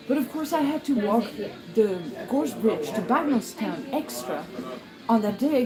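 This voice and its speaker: A woman's voice: medium pitch, poor audio. Woman rambling on about her walk, laughs a lot, music going underneath. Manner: chatty, rambling, laughs often, acts out quoted voices. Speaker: pilgrim vlogger. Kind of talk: casual spoken travel diary.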